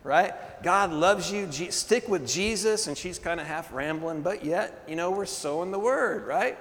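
A man preaching a sermon, telling a story with animated energy, laughing often and calling for responses from the congregation. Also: high voice, a little slow. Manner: laughs often between phrases. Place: church hall. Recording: long hall reverb.

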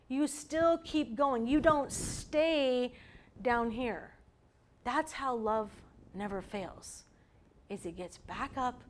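A woman preaching a sermon to a women's group, earnest and dropping to a soft hush for emphasis. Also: sits high. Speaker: women's ministry speaker.

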